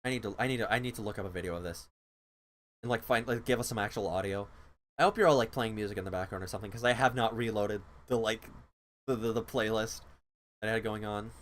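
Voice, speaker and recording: A man's voice: lowish voice, fast, a bit bright. A man hosting a livestream, chatting casually in a rambling, self-deprecating, flustered way. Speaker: livestream host. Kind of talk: casual chat.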